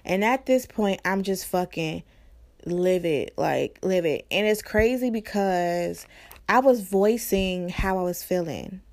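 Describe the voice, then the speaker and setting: A young woman vlogger telling a story in a casual, profane and animated way, with an exasperated edge. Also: lowish voice, slow pace.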